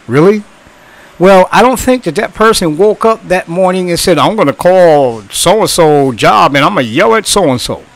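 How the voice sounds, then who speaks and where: A man in his sixties, formerly in customer service, speaks in a fairly high voice over poor-quality audio. In a casual monologue, he lectures bluntly, swearing and repeating himself.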